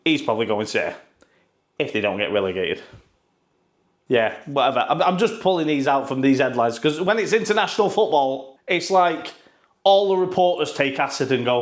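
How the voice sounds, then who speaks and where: A man's voice: mid-range voice, lively intonation, normal speed. A man giving casual, sarcastic football news commentary, full of swearing and mocking asides.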